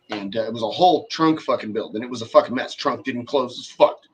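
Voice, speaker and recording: A man's voice: mid-range voice, brisk, a little hiss or hum. A man in his forties telling a long workshop story in casual, profane chat, acting out the people he quotes.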